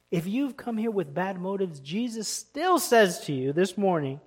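A man preaching to his congregation, pressing his points with emphatic stresses. His voice sits a little higher than most men's. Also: sing-song, normal speed, few pauses, husky. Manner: emphatic, rising to loud stresses. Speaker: pastor. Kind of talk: sermon. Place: church.

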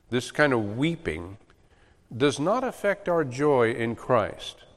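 A man preaching in an earnest teaching manner, asking questions and answering them himself. His voice sits in an ordinary middle range. Long reverb trails each phrase, as in a church sanctuary. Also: medium pitch. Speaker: pastor. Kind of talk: sermon.

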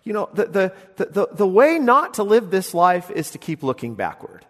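Husky preacher man in a reverberant hall. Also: high-pitched, big pitch swings, normal speed. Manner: emphatic, swings from loud exclamations to quiet intense asides. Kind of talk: sermon.

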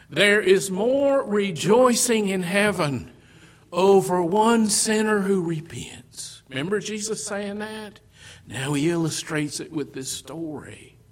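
A man delivers a sermon at an unhurried, deliberate pace. His voice sits a little high and moves between loud declarations and hushed, almost whispered lines. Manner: slow, deliberate phrasing. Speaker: preacher.

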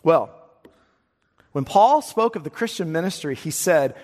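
A male pastor with a fairly high voice preaches emphatically, doubling up words when he drives a point home. His voice rings out with a long reverb tail, as in a church sanctuary. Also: expressive, measured pace, pauses often, darkish tone. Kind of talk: sermon.

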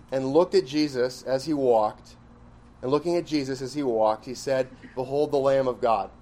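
A man leads a classroom Bible lesson in a somewhat high voice. He drives points home by repeating key phrases and turns to the class with questions. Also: darkish tone. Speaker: Bible study teacher.

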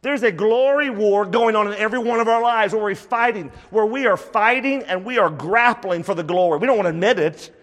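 Emphatic high-voiced male preacher. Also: a little fast, hardly any pauses, a bit bright, big-room sound. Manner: emphatic, repeats key phrases for stress. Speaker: pastor. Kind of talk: sermon.

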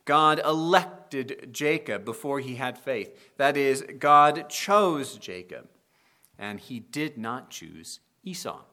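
A man preaching a sermon on a scripture passage, earnest and slowing down to dwell on the quoted verses. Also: mid-range voice, animated, sharp tone.

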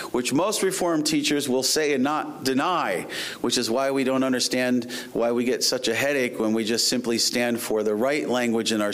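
A middle-aged man preaching from the pulpit, voice set at an ordinary middle pitch for a man. He reads scripture in a measured way, then presses his points with rising, emphatic force. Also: fairly bright tone. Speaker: pastor. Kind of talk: sermon.

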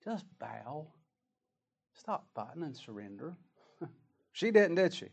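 A man's voice: on the high side, big pitch swings, slow, gravelly, breathy edge. A man preaching a sermon, reading scripture aloud and asking emphatic rhetorical questions.

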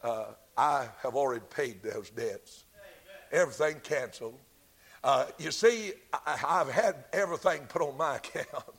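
A calm, assured male heavenly defender, as a high-voiced preacher puts him on. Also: extremely slow, creaky, long pauses, full character voice. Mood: reassuring.

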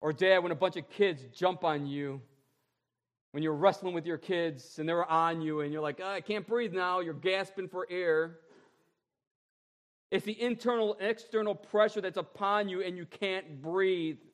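A man preaching a sermon as a pastor, drawing out repeated phrases and moving between loud stresses and quiet asides. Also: sits high. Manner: emphatic, drawn-out repeated phrases, shifting between loud and soft.

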